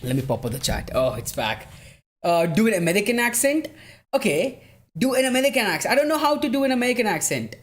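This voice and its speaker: A young man hosts a live football watch-along. He talks loosely and often swears, reacting to the match as he answers his chat. His delivery is casual and easily excited. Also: high voice, quick pace. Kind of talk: live-stream commentary and chat.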